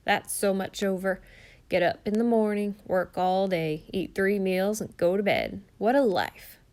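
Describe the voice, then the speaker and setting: A woman doing a booming gruff old uncle. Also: level tone, extremely slow, darkish tone. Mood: grumbling. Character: loud bald red-bearded uncle, gruff and blustering.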